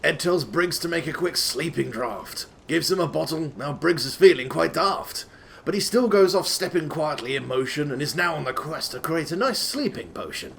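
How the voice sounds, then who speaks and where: A man with a somewhat high, gravelly voice reads rhyming verse aloud with comic theatrical flair. He puts on a rustic, old-timey accent that keeps drifting, and he breaks off into sweary, self-mocking asides. A faint hum of noise sits under the voice. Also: a bit bright. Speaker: reader of a game walkthrough.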